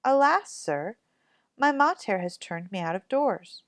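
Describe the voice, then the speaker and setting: A woman voicing a sweet, polite young girl in a storybook, meek and gentle. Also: medium pitch, animated, unhurried, no room sound, clean studio sound.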